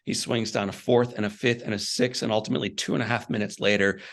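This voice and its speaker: A middle-aged man from Missouri, a guest telling a personal story with animated, dramatic delivery. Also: lowish voice, fast talker, vocal fry. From Missouri, USA.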